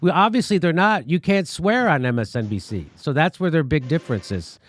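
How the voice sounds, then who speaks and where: A man hosting a political commentary show, talking in an animated, mocking and profane way. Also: a little high, fairly quick. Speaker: show host.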